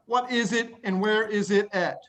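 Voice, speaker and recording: A man teaching English writing to a class of young students, playful and animated, acting out examples and hushing the class now and then. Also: high voice, moderate pace. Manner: playful, animated, acts out examples in little voices; talks to young students, often hushes the class. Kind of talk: classroom lesson to children.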